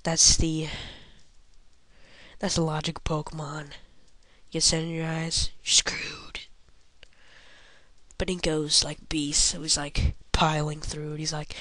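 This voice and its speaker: Goofy slow-talking young woman gamer. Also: low-pitched, flat delivery, a bit bright, no echo. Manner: goofy, rambling, jokey, often murmurs under breath. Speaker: game commentator. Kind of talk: casual let's-play commentary.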